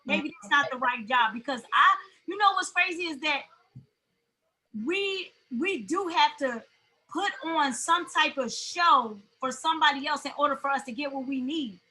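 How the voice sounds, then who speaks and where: A woman with an African American English accent, talking in a very high, bright voice. She tells lively stories in casual conversation and laughs easily as she goes. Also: normal speed, low-quality recording. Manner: animated storyteller, laughs often. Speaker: podcast co-host. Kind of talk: casual chat.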